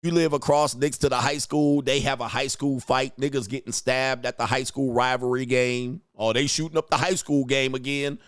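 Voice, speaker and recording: A male livestream host in a loose, profane ranting style, laughing at his own jokes and mocking as he goes. His voice sits mid-pitch and sounds close and dry, with no room around it. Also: steady tone, normal speed, few pauses, clear, resonant tone, no echo. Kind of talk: casual livestream commentary reading superchats.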